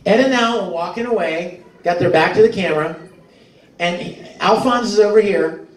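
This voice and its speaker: A middle-aged man telling lively stories at a convention panel, laughing often and acting out quotes in high voices. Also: moderate pace. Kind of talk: storytelling to a live audience. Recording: echoey hall from far off, faint noise.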